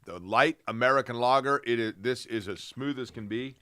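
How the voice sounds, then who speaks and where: A man's voice: mid-range voice, normal speed, bright, forceful tone, dry recording. A man co-hosting a sports podcast, easygoing and playfully fussy. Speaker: podcast co-host. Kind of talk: casual sports chat.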